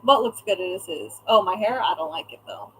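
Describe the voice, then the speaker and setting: A woman's voice: fairly low pitch, very animated, a little fast, fairly bright tone, slight background noise, low-quality recording. A young woman chatting casually on a live stream as a craft shop owner, reading out viewer comments and swearing now and then.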